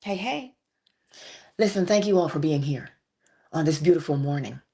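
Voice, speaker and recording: A middle-aged woman hosts a morning spiritual livestream from home, talking in an animated, preacher-like way. Her pitch swoops up and down with lots of expression, and she breaks into asides as she goes. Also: normal speed, breathy edge. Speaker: host of a morning inspiration livestream. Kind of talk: spiritual talk and livestream greetings.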